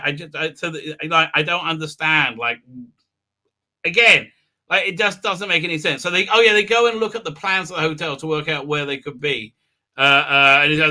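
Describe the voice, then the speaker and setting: A man rambles through a live-stream commentary, full of fillers and sarcastic asides. His voice sits a bit high and sounds very bright and sharp. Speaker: host.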